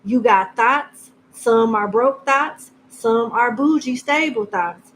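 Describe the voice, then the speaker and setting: A woman's voice: on the high side, takes it slowly, a bit bright, a little hiss or hum, poor audio. A woman giving a casual tarot reading in a blunt, joking, slangy way. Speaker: tarot reader.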